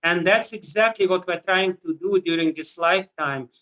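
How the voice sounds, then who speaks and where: Bright-voiced Russian man lecturing. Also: high voice, poor audio. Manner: measured, with frequent "uh" pauses. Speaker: spiritual teacher. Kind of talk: scripture lecture.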